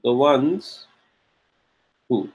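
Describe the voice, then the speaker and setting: Husky male grammar teacher, patient. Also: mid-range voice. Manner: patient, checks in with frequent "okay?" and "correct"; slows down and stresses key terms. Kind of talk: classroom lecture.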